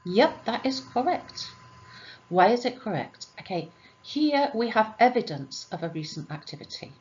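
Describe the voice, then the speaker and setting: A woman's voice: a little high, very animated, moderate pace, darkish tone, highs cut off. A woman English teacher going through grammar exercises, patiently asking questions and answering them herself. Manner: patient, asks and answers her own questions.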